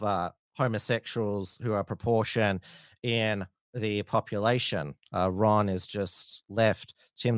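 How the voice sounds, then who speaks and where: A man hosting a casual live-stream news show, talking in halting bursts with many "uh" fillers and restarts. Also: fairly low pitch, clean tone, no room sound, studio quality. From Australia.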